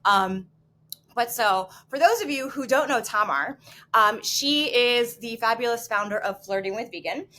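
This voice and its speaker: Bright-voiced chatty woman podcast host. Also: fairly high pitch, unhurried. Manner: chatty, giggly, self-deprecating. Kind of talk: casual chat. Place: home living room.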